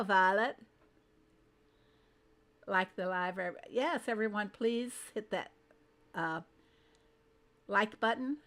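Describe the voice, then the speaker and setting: Woman streamer, casual chat, slow and unhurried, greets chat by name, mid-pitched voice. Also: a bit bright. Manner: greets viewers one by one, chatty and friendly; thinks aloud while fiddling with settings. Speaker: game livestreamer.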